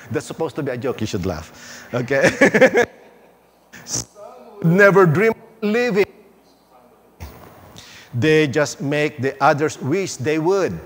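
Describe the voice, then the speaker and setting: A male pastor preaching a sermon in a church, unhurried, with playful asides and emphatic pauses. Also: fairly high pitch, sing-song, breathy edge. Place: church sanctuary.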